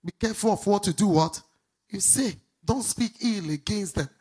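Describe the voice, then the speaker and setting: A middle-aged woman pastor preaching a sermon, swinging from loud outbursts to quiet asides. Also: normal speed, slightly rough. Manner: animated preaching, swinging between shouts and low asides.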